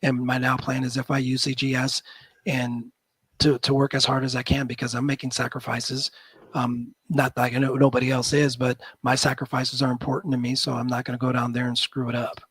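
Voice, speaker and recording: A man in his fifties from the Midwest talks as a guest in a loose, rambling way, circling back and restarting his sentences. His voice has a husky edge, recorded dry and close with no room sound. He pokes fun at himself as he tells his stories. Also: mid-range voice, monotone, fairly quick, a bit bright, no room sound. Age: 50s. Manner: rambling, self-deprecating storyteller with many restarts. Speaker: guest, college football general manager. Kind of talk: casual interview chat.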